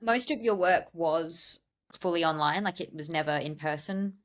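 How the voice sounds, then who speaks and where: A woman's voice: on the low side, normal speed. A woman hosting a casual interview, asking long, rambling questions full of fillers. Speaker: interviewer, channel host. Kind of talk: conversational interview.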